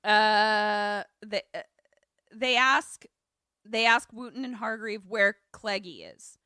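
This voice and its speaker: Woman podcast host retelling a movie plot, slow and bright, dry close sound. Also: mid-range voice, clear, resonant tone, dry recording. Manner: animated retelling, acts out quoted lines. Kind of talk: casual movie recap chat.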